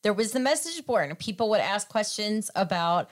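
A woman's voice: medium pitch, very animated, normal speed. A woman blogger and podcast host telling stories in casual panel chat, laughing easily. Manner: chatty storyteller, laughs often.

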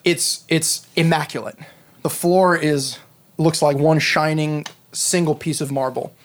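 Male game master, fairly high voice, unhurried scene-setting narration. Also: steady tone. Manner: descriptive, unhurried, many fillers.

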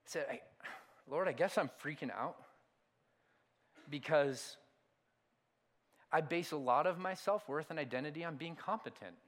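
A middle-aged man delivers a sermon in a fairly high, lively voice. He tells stories with sudden loud outbursts and then drops to hushed, quiet lines. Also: moderate pace, long pauses. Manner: animated storytelling, swings from loud outbursts to hushed asides. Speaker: pastor.

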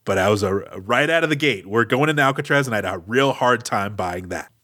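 Man, podcast co-host, bright tense voice, wry musing, casual movie talk. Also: fairly low pitch, expressive, a little fast. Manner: wry, questioning, thinks aloud with fillers. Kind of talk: casual movie review chat.

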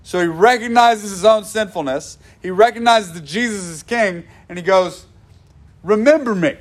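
A man's voice: high voice, moderate pace. A male pastor delivering a sermon in an earnest voice, repeating phrases for emphasis and often restarting his sentences.

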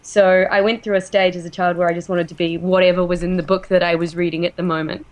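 A woman's voice: on the low side, little pitch movement, fast talker, rough recording. A woman with an Australian accent, a guest actress telling stories in a casual, laughing podcast interview. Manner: chatty, laughs easily, storytelling.

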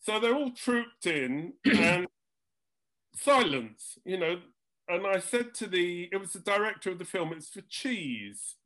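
An older man recounts a recording-studio mishap with dry comic timing. His voice sits high and swings widely as he mimics the people in the story. He takes his time over every beat. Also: very animated, a little slow, a bit bright. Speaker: jingle composer telling studio stories. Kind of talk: anecdotal storytelling chat.

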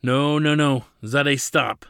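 A desperate young man in an audiobook, pleading high and hard with a loud, strained voice, as a male narrator puts him on. The pleas break into anguished cries. The voice stays gravelly and bright. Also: steady tone, slow pace, no echo, studio quality. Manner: pleading, rising to anguished screams.

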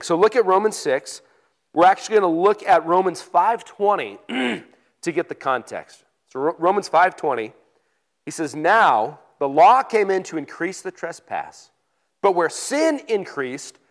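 High-voiced man preaching conversationally. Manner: conversational preaching, reads scripture aloud with emphasis. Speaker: pastor. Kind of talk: sermon.

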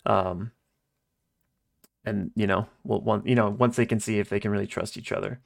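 A man with a low, gravelly voice talks through a story recap in a relaxed podcast chat. He keeps pausing with ums and acts out bits of dialogue as he goes. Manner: loose storytelling, many ums and quoted lines. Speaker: podcast co-host recapping an episode. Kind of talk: casual recap discussion.

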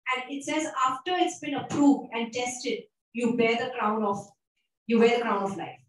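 Woman preacher, high voice, emphatic and repetitive, very echoey room, voice from a distance. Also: moderate pace, a little hiss or hum. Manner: emphatic, repeats phrases, asks the audience questions. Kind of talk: sermon.

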